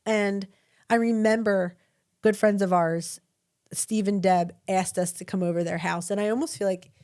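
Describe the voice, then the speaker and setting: A woman's voice: mid-range voice, moderate pace. A woman in her thirties co-hosting a podcast, telling family stories in casual chat and laughing often. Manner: animated storyteller, laughs often. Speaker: podcast co-host.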